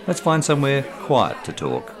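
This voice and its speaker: A man voicing a smooth, recently divorced lawyer with an eager, charming manner. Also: medium pitch, huge pitch swings, moderate pace, crowd noise, voice pushed up.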